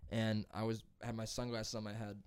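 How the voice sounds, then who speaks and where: A man's voice: fairly low pitch, little pitch movement, a little fast, clear, resonant tone. A young man co-hosting a podcast, telling a crude story in a rambling, profane way, full of fillers and acted-out quotes. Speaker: podcast co-host.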